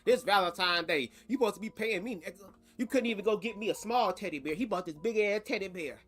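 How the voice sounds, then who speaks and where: A fed-up, jealous partner rants about never getting any gifts, as a man puts the voice on. The delivery is sassy and scolding, a little high-pitched, with faint music underneath. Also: fast talker, a bit bright. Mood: indignant.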